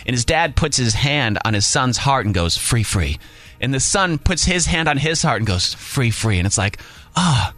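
A man hosting a morning radio show, telling a story in an animated, emotional way. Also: medium pitch, normal speed, dry recording. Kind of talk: casual radio banter.

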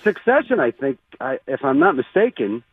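Husky man on a tinny phone line. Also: mid-range voice, moderate pace. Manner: animated, showman-like storyteller. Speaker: actor guest. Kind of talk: casual radio interview.

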